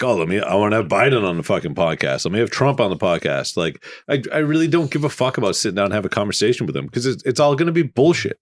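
A man co-hosting a podcast who rambles casually, hesitating and restarting often, with frequent swearing. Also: mid-range voice. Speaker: podcast co-host. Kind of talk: casual bar chat.

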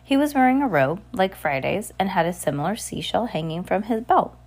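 A woman's voice: medium pitch, lively intonation, brisk, darkish tone. A woman reading a novel aloud in an unpolished way, restarting words as she goes. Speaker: reader.

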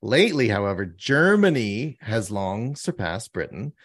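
A man's voice: fairly low pitch, very animated, unhurried, fairly bright tone, husky. A man co-hosting a podcast in casual chat, reading out news items and joking about them. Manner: jokey, reads out news items and riffs on them. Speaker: podcast co-host.

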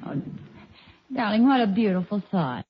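A woman playing a sweet, affectionate middle-aged wife and mother in a 1950s radio sitcom, gentle and doting, on a dull old radio recording. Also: mid-range voice, very animated, moderate pace, slightly rough.

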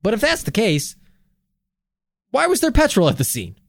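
A man's voice: high-pitched, huge pitch swings, normal speed, vocal fry, no room sound, clean studio sound. A man co-hosting a casual podcast in a laid-back bantering way, with plenty of fillers. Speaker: podcast co-host. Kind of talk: casual joking podcast chat.

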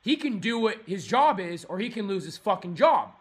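A young man making a prank phone call, ranting furiously, cursing and shouting at the person on the line. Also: sits high, big pitch swings, normal speed, breathy edge. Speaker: prank caller.

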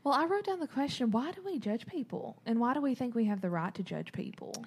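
Animated woman co-hosting a Bible study chat. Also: quick pace, slightly rough. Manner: reads notes and scripture aloud, animated, quotes with raised pitch. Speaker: co-host of a Bible study talk show. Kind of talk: casual faith discussion.

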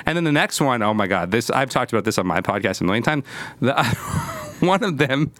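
A man, a podcast guest, telling dating stories in casual chat, animated and full of fillers. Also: medium pitch, no room sound. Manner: animated, rapid anecdotes with many fillers.

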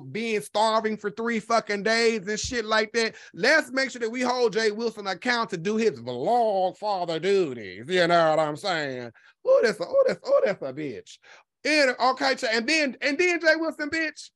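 A foul-mouthed commentary vlogger with a mid-range voice, ranting with loads of sass and drawn-out emphasis. The sound is dry and close, with no room around it. The delivery keeps swinging between loud jabs and low asides. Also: no echo. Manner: sassy, animated, swears constantly, drawn-out emphasis. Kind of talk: profane gossip commentary.

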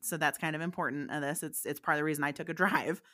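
A woman's voice: deep voice, fairly even intonation, fast talker, fairly bright tone. A woman, a psychic medium guest, telling a story in a candid, chatty way and laughing often. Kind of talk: casual anecdotal storytelling.

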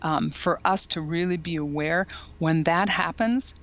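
A podcast guest explaining a parenting approach in a thoughtful, measured way with frequent fillers. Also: medium pitch, a bit bright, lo-fi sound. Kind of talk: casual podcast conversation.

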